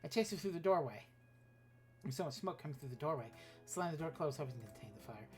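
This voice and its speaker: A woman's voice: low voice, animated, fast, a little mellow, soft background music. A woman streamer reading a text adventure game aloud, with offhand asides and swearing.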